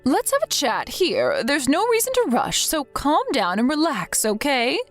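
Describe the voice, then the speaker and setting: A woman's voice: high-pitched, huge pitch swings, a little slow, heavily acted. A woman reading the lines of a worried mother-in-law who scolds her son, in a scripted text-message story. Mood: soothing. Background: faint background music.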